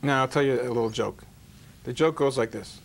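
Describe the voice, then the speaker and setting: A rabbi hosts an interview show, telling jokes and parables in a folksy, sermon-like storytelling monologue. His voice is mid-range with vocal fry, and he talks a little fast.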